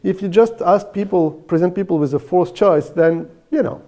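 Brief: male researcher in a seminar Q&A, slightly high voice, mellow tone, stumbles and restarts. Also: normal speed. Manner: explaining, many restarts and repeated words. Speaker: speaker answering questions. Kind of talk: academic Q&A discussion.

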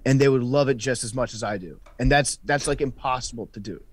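A man's voice: medium pitch, fairly quick, no room sound. A man, a podcast guest, talking casually and explaining his opinions at length.

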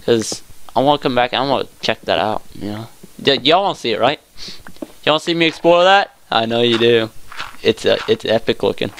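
A young man casually commenting on his own gameplay, talking to himself and his viewers, saying y'all a lot, with excited outbursts. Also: mid-range voice, brisk, gravelly. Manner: says y'all often. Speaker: let's play gamer.

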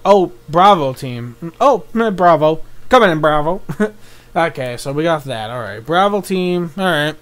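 A young man giving live reaction commentary, excitable, thinking aloud and swearing often. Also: on the high side, smooth. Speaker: YouTube reaction host.

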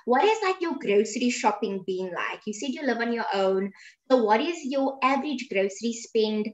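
A woman's voice: a little high, animated, normal speed. A woman from hosting a casual interview, upbeat and teasing. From South Africa. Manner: upbeat and playful, teasing her guest. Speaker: host.

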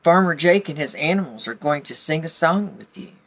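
A woman's voice: sits low, lively intonation, fairly quick, breathy edge, dry recording, heavily acted, low-quality recording. A woman voicing a firm but kind female schoolteacher in a children's story.

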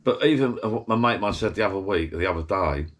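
Fairly low-pitched but bright-toned, this middle-aged man talks briskly and animatedly to his camera from a small shed bar in the garden. Slightly tipsy, he rambles casually, chatting away and breaking off his own sentences.

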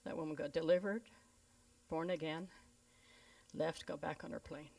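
A woman's voice: sits low, normal speed, vocal fry, breathy edge, far from the mic. Storytelling woman pastor, a bit off-mic. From Canada. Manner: lively storyteller who voices the people in her stories. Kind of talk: storytelling sermon.

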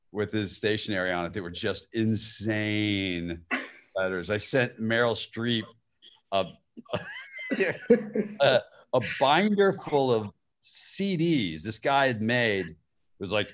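Male guest, low and animated, anecdotal style, video-call audio. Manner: anecdotal, laughing through stories. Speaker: guest filmmaker and actor. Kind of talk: live-streamed conversation.

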